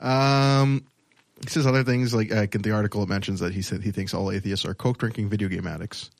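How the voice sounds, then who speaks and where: A man co-hosting a podcast, telling a story in a rambling, hesitant way with many pauses. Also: on the low side, fairly even intonation, vocal fry, no echo, clean studio sound. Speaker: podcast co-host. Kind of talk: casual chat.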